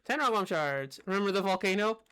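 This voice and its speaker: A young woman giving live gameplay commentary, dry and sarcastic in her asides. Her mid-pitched voice swings widely up and down, often jumping high when she questions things. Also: lively intonation, fairly quick, a bit bright, clear, resonant tone. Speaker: game streamer.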